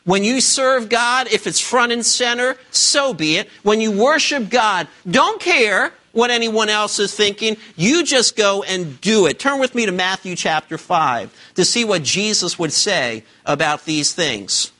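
A man's voice: high-pitched, animated, measured pace, hardly any pauses, bright, forceful tone. A man preaching a sermon to a congregation in church, emphatic and full of rhetorical questions. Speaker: pastor. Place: church service before a congregation.

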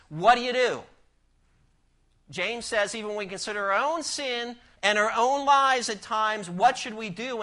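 Emphatic male preacher, bright voice. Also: sits high. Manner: emphatic preaching with rhetorical questions and a told joke. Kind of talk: sermon.

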